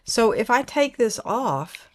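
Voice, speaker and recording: A woman's voice: fairly high pitch, big pitch swings, slow. An older woman with an Oklahoma twang hosting a casual livestream, chatting and reading viewer comments aloud in a rambling way. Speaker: livestream host.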